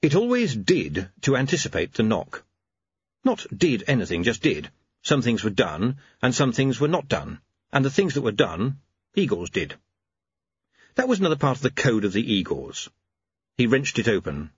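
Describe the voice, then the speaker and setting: Male narrator, wry storyteller, lowish husky voice, dull lo-fi dry recording. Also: huge pitch swings, normal speed, no echo. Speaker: audiobook narrator. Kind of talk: scripted narration.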